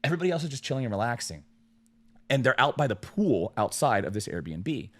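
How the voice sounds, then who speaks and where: A man's voice: medium pitch, fairly quick. A young man co-hosting a casual podcast, telling a long story with plenty of swearing and acted-out voices. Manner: animated storyteller, swears freely, acts out quoted voices. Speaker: podcast co-host.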